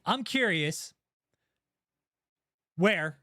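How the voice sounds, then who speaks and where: A man's voice: high-pitched, lively intonation, very slow, bright, forceful tone. A man hosting a livestream, reacting to court papers in an angry, profane rant. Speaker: channel host.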